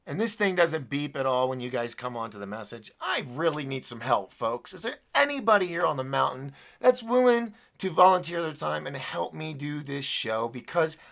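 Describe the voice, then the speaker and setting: A man's voice: on the high side, sing-song, moderate pace, vocal fry, few pauses, fairly bright tone. A man hosting his own live show alone, rambling and apologetic as he vents his frustration to viewers. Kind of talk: solo live-stream talk.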